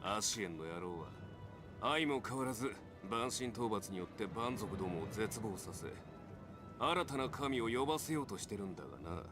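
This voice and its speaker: A man voicing a cocky, rough warrior. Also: on the low side, lively intonation, fast, over music, close to an everyday voice. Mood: gruff. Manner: rough, street-tough, mocking speech. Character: cocky rough male warrior, violent badass. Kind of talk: Japanese game voice acting.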